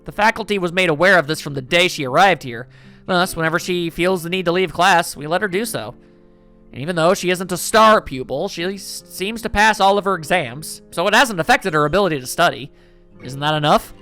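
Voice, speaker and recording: Man voicing a lecturing male teacher, slightly high. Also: pushed and bright, faint music behind. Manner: measured, roundabout lecturing. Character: patient, lecturing male schoolteacher. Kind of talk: reading a visual novel aloud.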